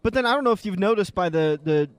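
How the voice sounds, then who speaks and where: A male show host interviews a guest in a loose, joking way, stumbling and restarting as he goes. His voice sits high for a man. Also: animated, fast, no echo. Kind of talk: casual interview chat.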